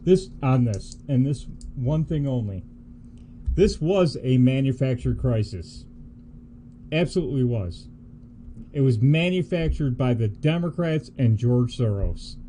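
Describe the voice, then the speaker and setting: A man's voice: mid-range voice, expressive, unhurried, dark tone, slight background noise. A man co-hosting a political livestream, talking in a casual, indignant and scornful way. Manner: indignant, scornful, laughs easily.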